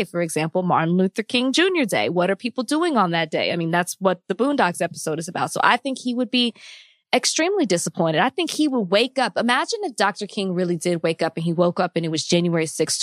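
A woman's voice: mid-range voice, no room sound. Earnest woman co-host, impassioned, laughs easily, dry close sound. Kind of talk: casual discussion.

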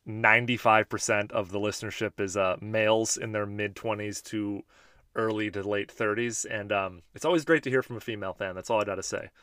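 A man's voice: on the low side, a bit bright, no echo, clean studio sound. A man in his thirties hosting a podcast, chatting casually and joking while he answers listener voice memos. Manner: laid-back, chatty, joking. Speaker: podcast host.

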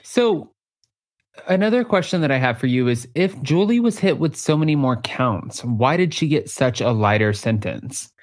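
A man's voice: medium pitch, animated, normal speed. A man hosting a casual interview, asking curious, jokey questions. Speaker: host.

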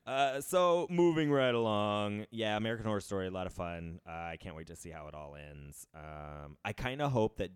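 Low-voiced man in his 30s, rambling. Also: brisk, hardly any pauses, smooth, no echo, studio quality. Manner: rambling, laughs often, trails off into fillers. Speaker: podcast co-host. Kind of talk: casual chat.

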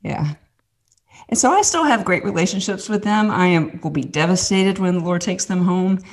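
A woman's voice: lowish voice, expressive, moderate pace. A woman from the American South with a Southern accent, sharing a personal faith story in earnest, chatty conversation and acting out the quotes. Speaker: podcast host and guest storyteller.

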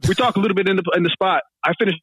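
A man hosting a podcast spins a story at a brisk clip, laughing along and acting out the people in it. His voice sits a little high and sounds bright and forceful. The sound is close and dry. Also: breathy edge, dry recording, poor audio. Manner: animated, laughing storyteller, acts out quotes. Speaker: podcast host. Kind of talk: casual storytelling.

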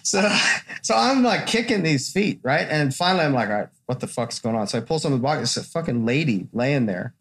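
Animated, profane man telling a story. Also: medium pitch, a little fast. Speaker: podcast host, tattoo artist. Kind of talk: casual storytelling chat.

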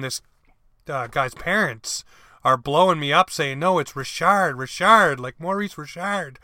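A man's voice: on the high side, bright, forceful tone, smooth, no room sound, clean studio sound. A man hosting a podcast, asking long, rambling questions in a casual way. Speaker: podcast host, junior hockey play-by-play caller.

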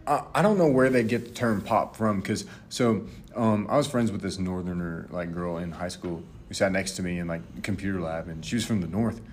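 Low-voiced young man. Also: normal speed, few pauses, a little hiss or hum. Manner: rambling storyteller, many restarts. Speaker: podcast co-host. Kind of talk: casual chat.

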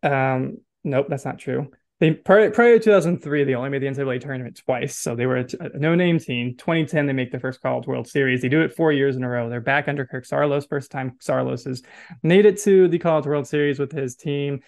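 A man hosting a college baseball podcast in casual chat, talking quickly and correcting his own facts as he goes. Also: medium pitch, creaky, a little mellow. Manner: chatty, self-correcting, checks facts aloud. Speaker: podcast host.

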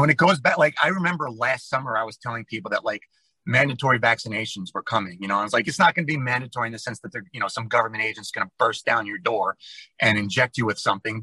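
A man's voice: medium pitch, pushed and bright, breathy edge, no echo, poor audio. A man on a podcast, talking casually and ranting with strong opinions, with plenty of fillers.

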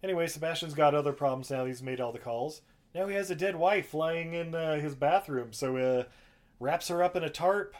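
A man's voice: on the high side, a little mellow. A man casually recapping a film on a podcast, rambling and swearing, often acting out the characters' lines. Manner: rambling, profane, acts out quotes. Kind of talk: casual chat.

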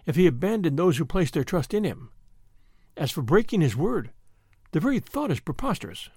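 A man reading aloud, voicing an earnest, loyal young English gentleman who speaks quietly and gravely. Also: a little high, very animated, normal speed, no echo, studio quality, exaggerated voice. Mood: proud.

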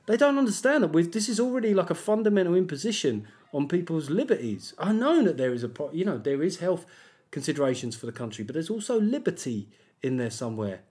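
A man's voice: mid-range voice, a little mellow. Jokey, rambling man hosting a podcast. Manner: rambling, jokey and self-deprecating. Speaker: podcast host. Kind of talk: casual solo podcast chat.

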